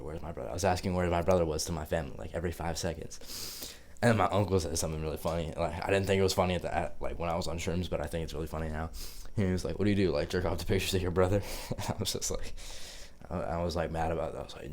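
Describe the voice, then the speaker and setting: A man's voice: low voice, a little mellow. A young man telling a story to camera in a rambling, casual way, full of swearing and filler words. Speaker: vlogger.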